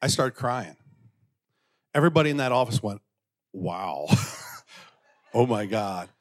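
Man preaching with lively storytelling. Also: moderate pace. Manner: animated, acts out quotes in a raised pitch; drops to a quiet, intimate tone. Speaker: pastor. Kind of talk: sermon storytelling.

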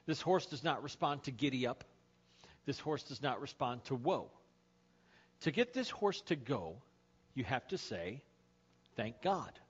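A male pastor with a medium-pitched, slightly breathy voice starts his sermon with a joke, voicing the characters' lines and acting out their shouts as he tells it. The audio is lo-fi, typical of a sermon podcast.

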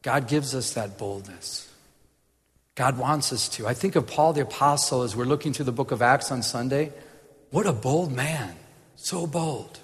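Animated preacher in a reverberant hall. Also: male voice, medium pitch, measured pace. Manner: animated, laughs at his own jokes, many restarts. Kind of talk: informal Bible teaching.

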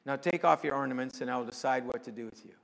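A man's voice: mid-range voice, fast, vocal fry. Man preaching in a reverberant hall. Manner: conversational with dramatic swings in loudness. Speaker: pastor. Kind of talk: sermon.

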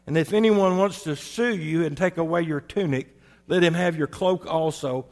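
Man preaching with measured emphasis. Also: on the high side, darkish tone, big-room sound. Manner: measured, emphatic preaching with slow stressed phrases. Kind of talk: sermon.

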